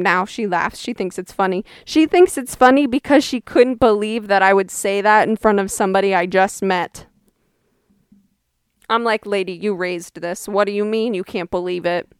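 A woman's voice: medium pitch, smooth, no echo, studio quality. A young woman in her twenties hosting a podcast, telling a story in a chatty, wry way and quoting people in exaggerated voices. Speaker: podcast host. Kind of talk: casual storytelling monologue.

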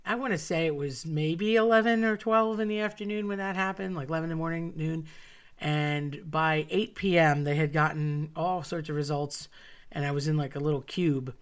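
A woman's voice: deep voice, fairly even intonation, normal speed, smooth. A woman telling a personal story with wry, self-mocking asides. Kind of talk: personal story told to an audience.

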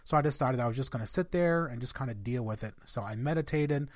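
A man's voice: medium pitch, quick pace, no room sound. Podcast guy telling his own story, chatty, lots of ums and you knows, dry close sound. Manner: conversational, addresses listeners as guys, many fillers. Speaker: podcast host. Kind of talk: personal story told to listeners.

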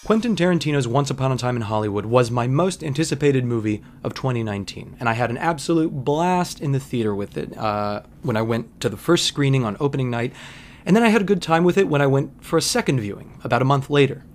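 A man hosting a podcast, talking through film analysis in a wry, conversational monologue full of asides. His voice sits at an ordinary middle pitch. A faint hiss of noise runs under the recording. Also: animated, fast. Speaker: podcast host.

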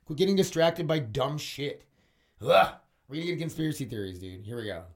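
A man's voice: fairly high pitch, expressive, brisk. Rambling, foul-mouthed man hosting a podcast. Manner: rambling, heavy swearing, many fillers. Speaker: podcast host. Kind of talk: solo podcast monologue.

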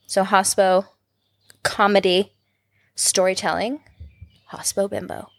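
A young woman from the United States, a podcast guest chatting casually, animated, swearing freely and laughing often. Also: mid-range voice, slow, vocal fry, no room sound, studio quality. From American. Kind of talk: casual chat.

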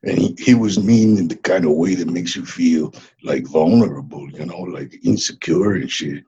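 Male actor as a mellow ex-wrestler guest: low, very husky drawl, calls everyone "man". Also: moderate pace, muffled recording. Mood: laid-back. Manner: laid-back, drawling, says "man" constantly. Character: laid-back Mexican ex-wrestler man who hatched from an egg. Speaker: interview guest. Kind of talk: improvised comedy interview.

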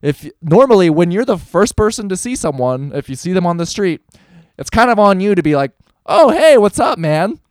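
Expressive and a little fast, this young co-host's high voice carries a candid, profane story as he imitates the people in it. The studio-quality recording has no room sound.

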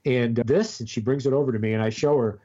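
An older man chats casually over a call, drifting through a long story with restarts and repeated words. His voice sits at an ordinary pitch. The sound is dull and lo-fi. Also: steady tone, warm tone. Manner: rambling, storytelling with halting restarts. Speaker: grandfather telling a story.

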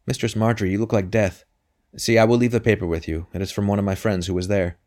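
A distraught man bringing bad news, urgent and agitated, as the deep-voiced reader plays him. He sounds low and pressed. It is an emotional storybook reading. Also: fairly even intonation, fast, darkish tone, lightly acted.

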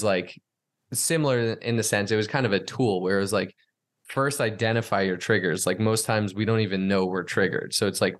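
A man co-hosting a podcast and interviewing a guest. He talks enthusiastically and fills his questions with "like". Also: lowish voice. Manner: enthusiastic, leans heavily on "like". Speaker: podcast co-host. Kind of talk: conversational interview.

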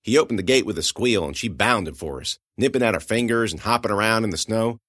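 A man narrating a first-person audiobook with lively, expressive storytelling. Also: fairly low pitch, a little fast, no echo, studio quality.

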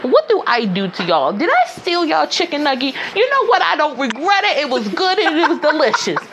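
A woman chatting casually, animated and indignant, swearing freely. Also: high voice, brisk, background noise. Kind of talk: casual chat.

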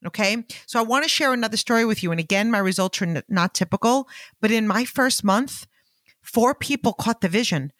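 A middle-aged woman hosting a podcast, telling a personal story with lively acted-out dialogue and frequent filler phrases. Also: medium pitch, no echo. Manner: animated, acts out quoted dialogue; fillers like "long story short" and "like". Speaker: podcast host. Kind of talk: storytelling monologue.

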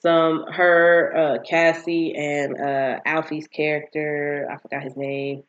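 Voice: mid-range voice, flat delivery, slow, fairly bright tone, highs cut off. A vlogger casually recapping a TV series, rambling with lots of fillers and acting out the characters' lines.

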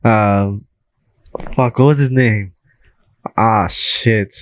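A man's voice: lowish voice, extremely slow, no echo. A young man hosting a podcast in casual chat, rambling through stories, swearing and laughing often. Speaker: podcast host.

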